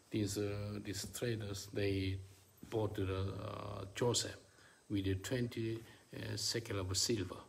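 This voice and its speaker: Gravelly preacher with emphatic high bursts. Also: male voice. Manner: emphatic, swinging from low murmurs to high ringing bursts; halting non-native English with many fillers. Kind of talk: sermon.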